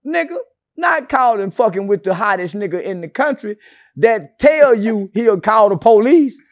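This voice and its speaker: A man's voice: sits high, animated, normal speed, dry recording. A man being interviewed, telling stories in a brash, profane and mocking way with sarcastic asides. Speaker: interview guest. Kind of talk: casual interview storytelling.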